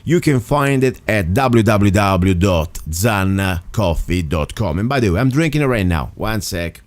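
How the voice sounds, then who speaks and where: Emphatic talk radio host, lowish voice. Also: male voice, expressive, a little slow, no room sound. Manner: emphatic, rambling with restarts. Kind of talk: casual talk radio monologue.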